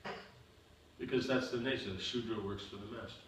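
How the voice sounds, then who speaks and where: With a lowish voice, steady tone and fairly quick pace, a man answers questions while teaching a seminar. Repeated examples and a habitual "you understand?" shape his explanations in this seminar Q&A lecture. It's recorded in an echoey seminar room, far from the mic, with faint noise.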